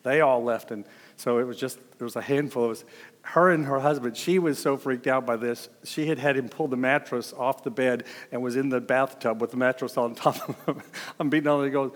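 Heard in a large hall, this medium-pitched preacher talks fairly quickly. The pastor's sermon weaves in personal stories, with chuckles and acted-out quotes of what people said.

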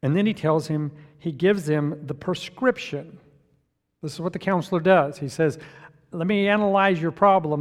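A man preaching a sermon as pastor in a church, swinging from hushed to loud and emphatic. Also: a little high. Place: church sanctuary. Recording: long reverb of a church hall.

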